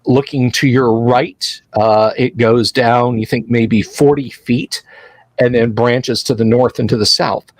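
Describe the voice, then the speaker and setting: A game master narrates a tabletop session at a steady, halting pace. His mid-pitched voice is heard in a dry, close recording. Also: no echo, rough recording. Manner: unhurried, halting scene description.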